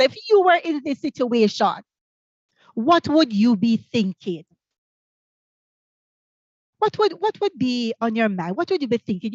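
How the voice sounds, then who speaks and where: A woman with a Jamaican accent leading a teacher training workshop over a video call. She is energetic and fires off rhetorical questions. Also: sits high, no room sound, muffled recording. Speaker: workshop facilitator.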